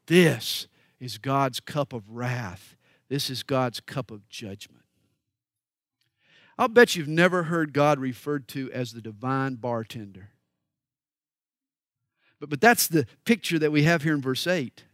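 A high-pitched man from the American South preaches with folksy emphasis. He booms through scripture readings, then drops to quiet asides. The sound is dry and close. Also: measured pace, long pauses, no echo. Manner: folksy, emphatic, swings between loud declaiming and quiet asides. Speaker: pastor. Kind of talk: sermon.

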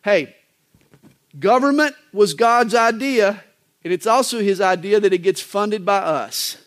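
High-voiced man preaching folksy sermon. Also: measured pace, a bit bright. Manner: joking, folksy preaching with wide swings in pitch. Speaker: pastor.

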